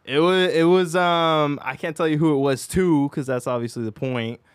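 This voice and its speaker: A man's voice: on the high side, normal speed, clean tone, no room sound, studio quality. A man chatting casually on a podcast as a guest, swearing freely and laughing often while telling stories. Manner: laughing often, profane, animated storytelling. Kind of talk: casual chat.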